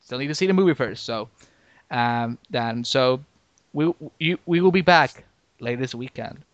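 A man hosting a podcast in casual chat, talking in halting bursts with lots of restarts and fillers. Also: medium pitch, no room sound, highs cut off. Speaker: podcast host.

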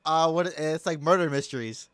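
A man's voice: on the high side, normal speed, a bit bright, smooth, no room sound, studio quality. A young man co-hosting a casual podcast, laid-back as he explains things plainly. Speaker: podcast co-host.

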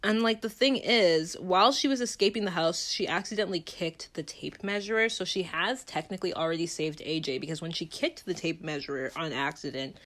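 A woman's voice: lowish voice, a little fast, hardly any pauses, fairly bright tone. A young woman giving a chatty, dramatic movie recap and laughing often.

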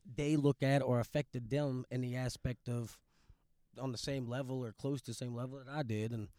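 A man's voice: medium pitch, steady tone, moderate pace, mellow, no room sound, studio quality. A man from Louisiana, telling a profane, blunt story in casual chat as a podcast guest.

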